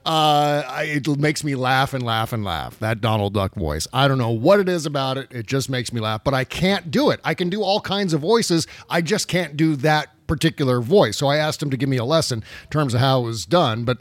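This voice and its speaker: A man's voice: medium pitch, fairly quick, hardly any pauses, no echo. A man hosting a podcast in casual chat, rambling and laughing often. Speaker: podcast host.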